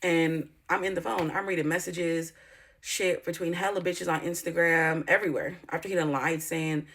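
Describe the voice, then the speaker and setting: Woman, candid storytime vlog, slightly low voice, blunt, swears a lot, rambling, indignant. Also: fairly even intonation, normal speed, a bit bright, husky. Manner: blunt, profane, rambling storytelling with lots of "like" and "you know"; emphatic, indignant outbursts. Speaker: YouTuber.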